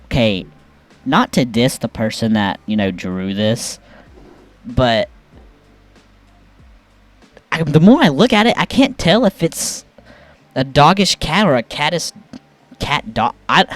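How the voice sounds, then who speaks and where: A man reviewing memes in casual, playful commentary, with sudden jumps up in pitch when he reacts. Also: dry recording. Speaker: YouTube meme reviewer.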